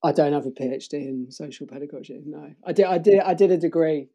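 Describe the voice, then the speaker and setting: A man's voice: a little high, fast talker, mellow. A man in his forties from Devon with a London accent, answering interview questions in an easygoing, self-deprecating way. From Devon, England. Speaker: guest.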